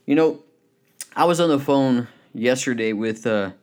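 A male preacher delivering a sermon in a mid-pitched voice. He speaks emphatically and tells stories along the way. He draws out the words he wants to land. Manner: storytelling, emphatic, slows down on key points.

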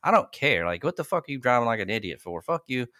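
A man's voice: medium pitch, big pitch swings, quick pace, sharp tone, dry recording, studio quality. A man hosting a casual podcast, cursing freely in a laid-back way. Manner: profane, laid-back storytelling. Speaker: host.

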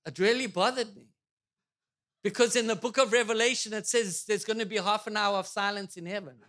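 A male pastor preaching a sermon in a church, animated and joking, with rhetorical questions to the congregation. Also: sits high, fairly quick.

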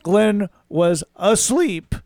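High-voiced teasing podcast man. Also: animated, very slow, a little mellow, no room sound. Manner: dry, teasing quips. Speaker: podcast co-host. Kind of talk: casual comedic chat.

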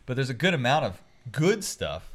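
A man's voice: medium pitch, sing-song, normal speed. A man co-hosting a movie podcast, talking in a rambling, enthusiastic way with lots of fillers. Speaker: podcast co-host. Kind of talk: casual chat.

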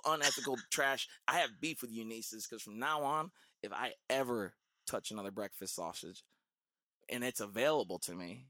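Bright-voiced podcast host man. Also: medium pitch. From eastern North Carolina, US. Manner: playful, teasing, hype riffing. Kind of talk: casual podcast chat.

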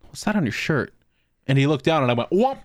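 A man's voice: mid-range voice, lively intonation, fast, dry recording, studio quality. A man co-hosting a podcast, telling prank stories in a casual chat and swearing freely. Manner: storytelling, swears often, laughs at own pranks. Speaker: podcast co-host.

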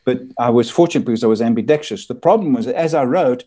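Older man with a mellow voice. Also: medium pitch, quick pace. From Belgian Congo. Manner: rambling anecdotes with frequent murmured agreement. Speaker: guest. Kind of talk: casual storytelling interview.

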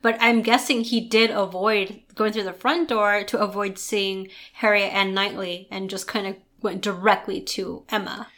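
A woman co-hosting a podcast, chatting casually about a web series, animated and laughing often. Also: mid-range voice, normal speed, few pauses. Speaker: podcast co-host.

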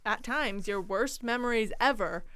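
A woman's voice: on the high side, moderate pace, fairly bright tone, clear, resonant tone, no echo. A young adult woman co-hosting a podcast, chatting casually about books, laughing often and reading quotes aloud. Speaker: podcast co-host. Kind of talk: casual book chat.

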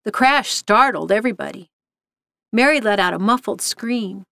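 A woman's voice: medium pitch, expressive, normal speed, creaky, bright, forceful tone, no room sound. Woman narrating a story, dry close sound.

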